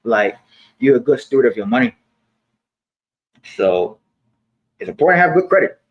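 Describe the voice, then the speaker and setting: A man's voice: mid-range voice, normal speed, highs cut off. Guy in his 20s just chatting to camera, chill, slangy, says stuff twice. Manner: relaxed slangy talk, repeats himself. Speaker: personal finance vlogger. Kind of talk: casual talk to camera.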